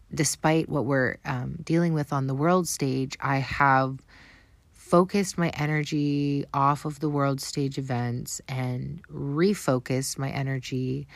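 A woman's voice: a bass voice, no room sound. A Canadian woman with a Canadian accent, talking earnestly and affirmingly in a casual spiritual vlog. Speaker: spiritual vlogger.

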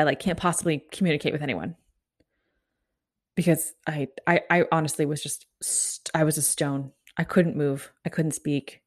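A woman in her thirties hosting a solo podcast, telling a story in a breathless, animated way. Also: lowish voice. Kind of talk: casual storytelling monologue.

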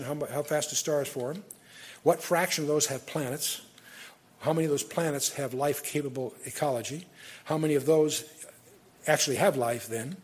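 An older male Bible teacher lectures in a loose, conversational way, circling back and restarting his phrases as he goes. His voice sits a little high for a man and has a husky, slightly rough edge. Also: darkish tone. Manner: conversational, digressive, frequent restarts and fillers.

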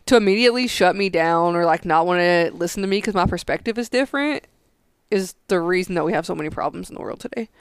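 Woman, podcast co-host, frank and opinionated, smooth voice, dry sound. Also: lowish voice, lively intonation, fast talker, dry recording. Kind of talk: casual chat.

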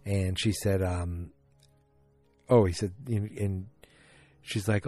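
A man talks through a TV episode in a loose, rambling way, jumping in to act out what the characters said. His voice sits a little low and sounds mellow and soft-edged. Faint music plays behind him. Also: normal speed. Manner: rambling, animated retelling with quoted lines. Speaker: TV episode recapper. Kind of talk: casual spoken recap.

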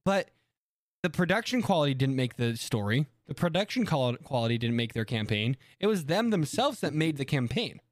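Lively-voiced man, dry close sound. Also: medium pitch, no echo. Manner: animated, laughing, quick to joke. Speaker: podcast co-host. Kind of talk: casual chat.

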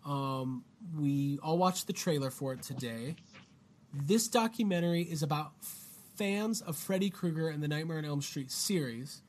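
A man's voice: on the high side, lively intonation, moderate pace, a little hiss or hum. A man hosting a casual podcast chat, loose and joking, swearing freely. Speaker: podcast host.

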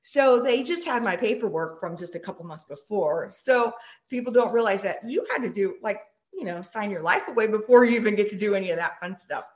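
A woman with a Texan accent, a superfan guest on a podcast, telling her story in an animated, chatty way. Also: fairly quick, lo-fi sound. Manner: animated, acts out quoted voices high and bright. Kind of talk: casual interview storytelling.

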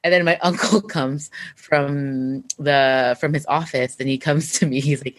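A young woman co-hosting a casual storytelling podcast rambles through a story, full of fillers like "like," in an animated retelling. Her voice is low and rumbling, and she speaks a little slowly.

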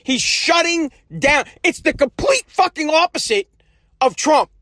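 A man hosting his own podcast from a home basement, delivering an angry, profane political rant that swings between shouting and muttering. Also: extremely high pitch, expressive, a little slow, no echo. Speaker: podcast host.

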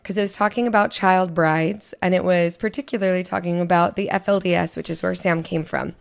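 A woman co-hosting a podcast in casual chat, talking quietly while losing her voice. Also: fairly low pitch, steady tone, a little fast, creaky. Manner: quiet, conversational, filler-heavy. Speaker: podcast co-host.

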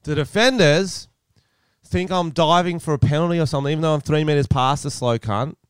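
Australian guy, 30s, podcast co-host, animated storyteller who swears freely, smooth resonant voice, dry close mic. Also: fairly high pitch, a little fast, no room sound. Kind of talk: casual podcast chat.

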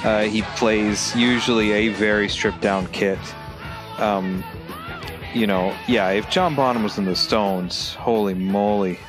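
Excitable man with a low voice. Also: a little slow, music in the background. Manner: excitable, laughs often, acts out drum sounds. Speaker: podcast co-host. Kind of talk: casual chat.

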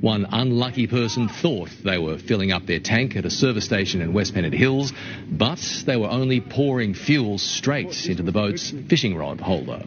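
A man's voice: lowish voice, animated, moderate pace, crowd noise. A man reading a news story in a formal newsreader delivery, played back as a clip. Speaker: news reporter. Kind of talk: TV news report. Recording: dull replayed news clip.

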